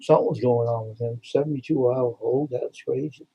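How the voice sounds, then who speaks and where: Rambling man with a husky, dark voice. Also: mid-range voice, fairly even intonation, brisk, no room sound, lo-fi sound. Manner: rambling, repeats himself, blunt. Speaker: live stream co-host. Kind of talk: casual chat.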